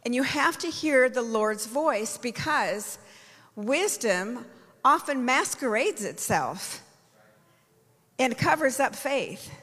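A woman's voice: fairly high pitch, lively intonation, slow, a bit bright, slightly rough. A woman apostle preaching a sermon, telling a personal story and rising into fervent praise. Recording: long hall reverb.

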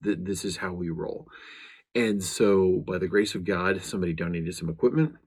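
A man with a very low, gravelly voice hosts his own show as a law enforcement chaplain, talking casually to the camera. His delivery is earnest and meandering, full of restarts, and his tone is slightly husky. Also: moderate pace, darkish tone.

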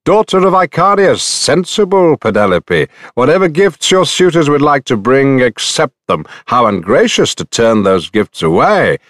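A man's voice: mid-range voice, very animated, normal speed, few pauses, a bit bright, dry recording, clean studio sound, voice pushed up. A man doing a pushy, arrogant suitor. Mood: insistent.

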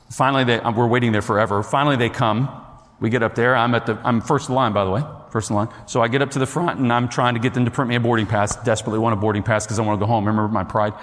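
A man's voice: medium pitch, a bit bright. A man telling a personal story to an audience in a chatty way, talking straight to the listeners and acting out what people said. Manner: chatty, addresses the listeners directly, acts out quotes. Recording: long hall reverb.

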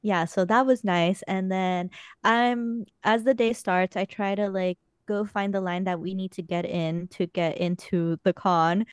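A young woman hosts a podcast, casually telling stories in a chatty way and swearing often. Her voice sits at medium pitch with fairly even intonation, and she speaks smoothly without hurrying. The recording is dry and studio quality.

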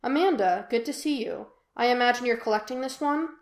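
A woman reading as a gruff, caring middle-aged man. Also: on the high side, fairly quick, voice pushed up, lightly acted. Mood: wry. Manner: casual, offhand, loud when calling. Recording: echoey room.

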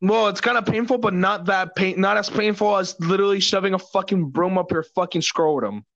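A man's voice: high voice, brisk, vocal fry, a bit bright, no echo. A young man hosting a podcast in casual chat, crude and jokey, swearing a lot. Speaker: podcast host. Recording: dull lo-fi sound, dry.

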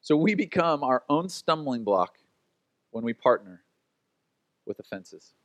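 A man's voice: mid-range voice, very animated, unhurried, fairly bright tone, no echo. A man preaching as a pastor in a casual, conversational way, acting out quotes and laughing at his own stories. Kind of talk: sermon.

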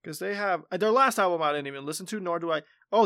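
Gravelly young man chatting casually. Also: fairly high pitch, sing-song, fast talker, fairly bright tone, no echo, studio quality. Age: 20s. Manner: rambling, thinks aloud. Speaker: podcast co-host. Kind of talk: casual chat.

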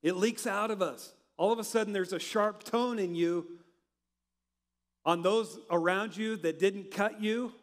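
High-voiced preacher in a reverberant hall. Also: male voice, measured pace. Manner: preaches with rhetorical questions, swings from loud to quiet. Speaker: pastor. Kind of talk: sermon.

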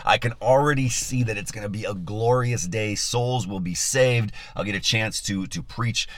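A man's voice: lowish voice, moderate pace. A male pastor leading a live-streamed Bible study, upbeat and enthusiastic as he chats with his listeners, on a phone mic.

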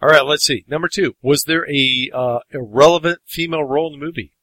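A man's voice: a little high, a little fast, a bit bright, dry recording, rough recording. Casual man co-hosting a podcast, dry sound. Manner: loose, informal, swears casually. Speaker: podcast co-host running the segments.

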